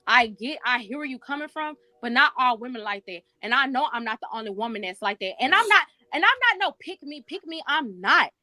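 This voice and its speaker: A woman's voice: high-pitched, big pitch swings, fairly quick, hardly any pauses, bright, forceful tone, no room sound. A woman co-hosting a podcast, speaking in an earnest, emphatic and heartfelt way in casual debate. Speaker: podcast co-host.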